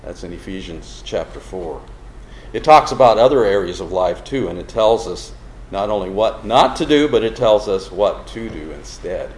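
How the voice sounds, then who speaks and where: A man's voice: sits low, animated. A man preaching a sermon, explaining a Bible verse word by word and asking the congregation questions as he goes. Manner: slow, deliberate, explains word by word and asks the audience questions. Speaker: pastor. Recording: roomy hall with faint background noise.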